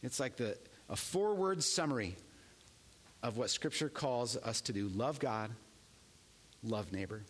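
A man preaching a sermon, earnest and emphatic, swinging between hushed and raised passages. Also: medium pitch, in a large hall. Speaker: pastor.

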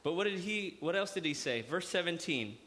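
A man preaching a sermon as pastor, lively, joking and acting out little scenes as he speaks. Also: sits high, a little fast. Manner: lively preaching with jokes and acted-out asides. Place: church hall. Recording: long hall reverb.

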